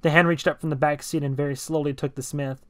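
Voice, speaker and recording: A man giving an amateur audiobook reading of a novel, telling it in first person in a brisk, tense way. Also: on the high side, steady tone, fairly bright tone, no room sound, clean studio sound.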